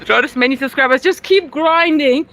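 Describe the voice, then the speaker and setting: A woman's voice: sits high, moderate pace, fairly bright tone, poor audio. A German woman from Berlin with a German accent, chatting casually with live-stream viewers on a phone on a selfie stick while walking through city streets, full of "like" fillers. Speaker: livestreamer. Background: faint street and traffic noise.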